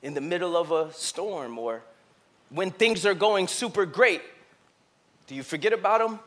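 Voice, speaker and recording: A man preaching a sermon as pastor, telling a personal story that swells into impassioned emphasis and falls back to hushed, searching questions. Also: sits high, animated, normal speed, pauses often. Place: church.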